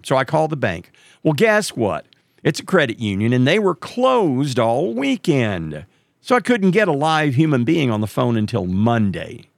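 A middle-aged man, telling a story casually and jumping way up in pitch when he quotes other people. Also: gravelly, dry recording, clean studio sound. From Texas. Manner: animated, jumps way up in pitch when quoting others.

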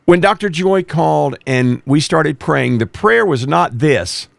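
A man's voice: a little high, expressive, unhurried, vocal fry, no echo, studio quality. A man who used to be a police officer, preaching emphatically as a radio show host. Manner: emphatic, rising to forceful exhortation. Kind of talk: preaching talk.

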